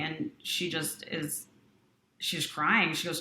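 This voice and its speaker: Low-voiced woman telling a story. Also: a little slow, echoey room, slight background noise. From Utah. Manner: earnest, animated storytelling with quoted voices. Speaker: company president, guest. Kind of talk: personal storytelling in interview.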